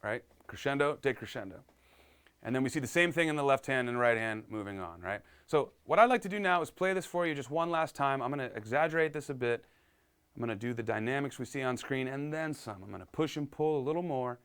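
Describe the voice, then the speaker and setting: A man's voice: medium pitch, animated, fast talker, fairly bright tone, clean tone. A man giving a live-streamed piano lesson, upbeat and chatty, reading viewer comments aloud and explaining as he goes. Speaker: piano teacher.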